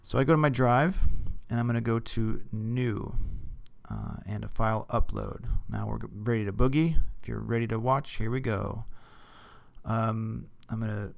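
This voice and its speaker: A man teaching a casual screen-recorded software tutorial, talking through each click and checking in with "okay?". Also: on the low side, normal speed, vocal fry, dry recording.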